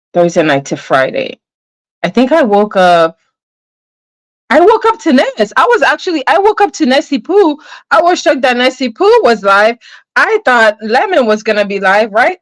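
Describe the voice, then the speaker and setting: A woman hosting a casual livestream, venting in an animated way, swearing now and then and greeting viewers in her chat. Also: mid-range voice, dry recording, low-quality recording. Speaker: livestream host.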